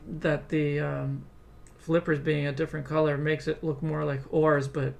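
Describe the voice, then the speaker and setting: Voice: mid-range voice, little pitch movement, moderate pace, creaky, a little mellow. A streamer chatting casually while designing, hesitant and often restarting sentences. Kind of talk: casual live-stream chat.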